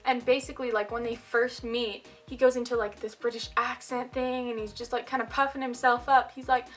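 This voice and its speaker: A woman's voice: a little high, flat delivery, fairly quick, soft background music. A young woman talking casually to camera in a self-mocking vlog, with lots of fillers. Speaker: vlogger.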